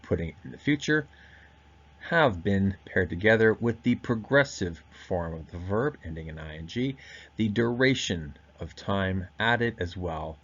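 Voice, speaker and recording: A man giving a recorded grammar lesson, explaining step by step and slowing down to stress key words. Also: deep voice, animated, fairly bright tone, husky, highs cut off. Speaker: teacher.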